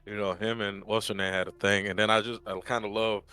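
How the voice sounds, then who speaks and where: A man's voice: lowish voice, flat delivery, quick pace, sharp tone, smooth. A man co-hosting a casual TV review podcast, laid-back, giving short agreeing replies and chuckling asides. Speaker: co-host of a TV review show.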